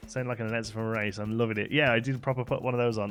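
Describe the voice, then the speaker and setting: A man's voice: mid-range voice, rapid-fire, soft background music. A man casually commenting on his own gameplay during a live stream, chatting with viewers and answering their messages. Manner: relaxed, chatty, reads chat aloud and answers it.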